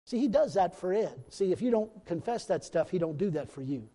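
A man's voice: sits high, sing-song, fairly quick, mellow. Folksy preacher man in an echoing hall. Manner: folksy, rambling, laughs at his own stories. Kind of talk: storytelling sermon. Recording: long reverb in a hall.

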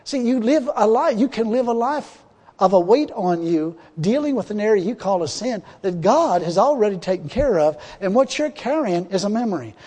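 High-voiced folksy preacher in an echoing hall. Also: male voice, lively intonation, moderate pace. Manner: folksy, laughs often, swells to loud exhortation. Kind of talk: sermon. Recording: long hall reverb.

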